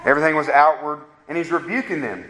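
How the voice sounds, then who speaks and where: A man with a notably high voice delivers an earnest sermon, pressing his listeners with question after question. His words ring out in a roomy, echoing space. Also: quick pace, sharp tone. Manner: earnest preaching with rhetorical questions to the congregation. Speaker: pastor. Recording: roomy echo.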